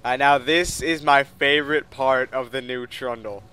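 A man's voice: mid-range voice, steady tone, normal speed, pushed and bright, clean tone. A young man giving casual, joking commentary over a video game, swearing offhand as he plays. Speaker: gameplay commentator.

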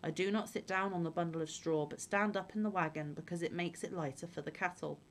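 Lady reading a foolish old widow, gushy, kinda low voice. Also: brisk, slight background noise, lightly acted. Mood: eager.

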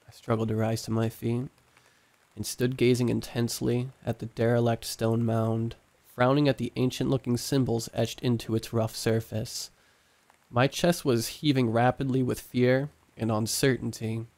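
A man narrating a scripted horror story in a hushed, suspenseful way. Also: medium pitch, level tone, normal speed.

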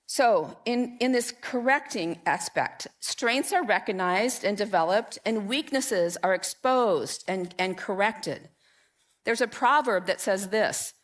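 A woman's voice: mid-range voice, a little slow. A woman pastor giving a conversational sermon in a church, telling personal stories and bringing people up to help. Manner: conversational, animated storytelling with audience participation. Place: church sanctuary.

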